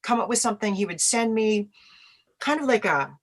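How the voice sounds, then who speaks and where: Animated middle-aged woman telling stories. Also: mid-range voice, normal speed. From Canada. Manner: animated storyteller, acts out quoted voices. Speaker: musician guest. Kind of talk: casual interview answers.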